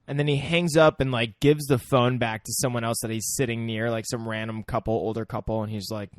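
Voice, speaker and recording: A man's voice: mid-range voice, steady tone, brisk, no echo, clean studio sound. A man co-hosting a podcast, casually chiming in with comments and short agreements. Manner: laid-back, chiming in with short replies. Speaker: podcast co-host. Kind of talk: casual chat.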